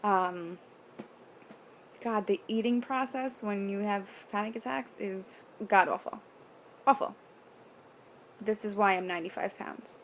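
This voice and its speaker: In her casual vlog, a young vlogger from New York speaks candidly at a medium pitch, rambling, swearing casually, and tossing in quick nervous asides, over faint background noise.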